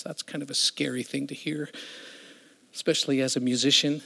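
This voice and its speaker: A man's voice: fairly high pitch, quick pace. Preaching man in an echoey hall. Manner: emphatic, swings from loud to hushed. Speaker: preacher and worship musician. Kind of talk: storytelling sermon.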